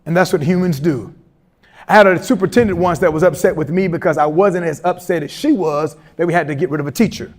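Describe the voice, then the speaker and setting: A middle-aged man giving a motivational, humorous speech to teachers, animated and telling stories with acted-out voices. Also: fairly high pitch, quick pace. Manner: animated storyteller, humorous asides, acts out quoted voices. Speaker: keynote speaker at educators' institute day.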